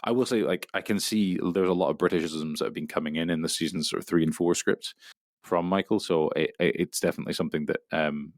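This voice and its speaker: Man, very low voice, casual interview chat, stumbling and repeating words, dry recording. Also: steady tone, fast, no room sound. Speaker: voice actor guest.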